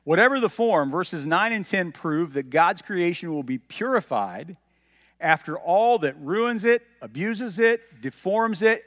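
A man's voice: fairly high pitch, fairly bright tone. Man preaching in a reverberant hall. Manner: teaching, asks the congregation questions; reads scripture aloud with emphasis. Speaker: pastor. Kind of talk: sermon.

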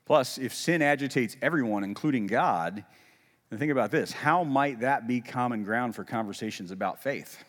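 A man's voice: mid-range voice, normal speed, a bit bright. Conversational male pastor in a reverberant hall. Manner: conversational, self-deprecating humor, rising emphasis on quotes. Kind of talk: sermon.

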